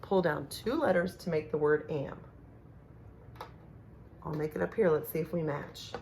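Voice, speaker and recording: Slow, clear woman teaching phonics. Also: deep voice, darkish tone, a little hiss or hum. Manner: slow, clear, encouraging teacher talk with sound-outs. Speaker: kindergarten teacher. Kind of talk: remote phonics lesson for young children.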